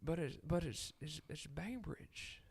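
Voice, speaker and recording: Slow, gravelly-voiced man. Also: on the high side, expressive, a little mellow. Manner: slow, rambling, with fillers and laughs. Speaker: podcast co-host. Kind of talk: casual sports podcast chat.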